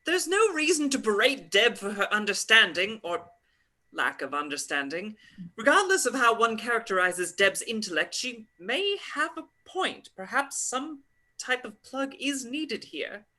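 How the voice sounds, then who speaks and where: A wordy, well-read young woman, played by a woman who lays things out formally. Her bright voice is lively and animated. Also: a little high, measured pace, full character voice. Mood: earnest. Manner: formal, explaining wordily. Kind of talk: live play reading.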